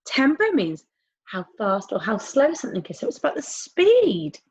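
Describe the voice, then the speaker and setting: A woman's voice: fairly high pitch, normal speed, breathy edge. A woman teaching a playful online music lesson to young children, whooping and whispering to make the sounds fun. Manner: animated, playful, sing-song with whoops and whispers. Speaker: primary school music teacher. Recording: dull lo-fi home video sound.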